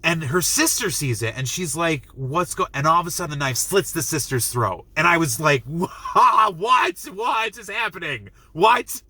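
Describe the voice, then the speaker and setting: A man recapping a film's plot in a casual, excitable review, acting out the characters' lines with lots of fillers and restarts. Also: a little high, brisk, hardly any pauses, no echo. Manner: excitable, acts out quotes, many likes and restarts. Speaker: movie reviewer.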